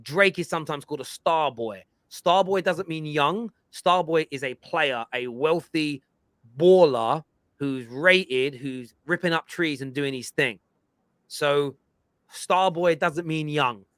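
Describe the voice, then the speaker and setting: A man hosts a football fan chat with a bright, forceful voice that sits a little high. He lectures and stresses his points with energy, and the close microphone sounds dry and present. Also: takes it slowly, no echo. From England. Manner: emphatic, lecturing, animated. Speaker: football fan show host.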